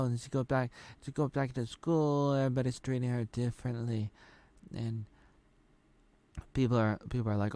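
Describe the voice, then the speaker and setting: A man talks through a show's episodes in a loose, rambling recap, often stopping and starting his sentences over. His voice sits at an ordinary middle pitch. The sound is dry and close, with almost no room around it. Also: level tone, measured pace, long pauses, mellow, clean tone, no echo. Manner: rambling, loose retelling with many restarts. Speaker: show reviewer. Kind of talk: casual spoken episode recap.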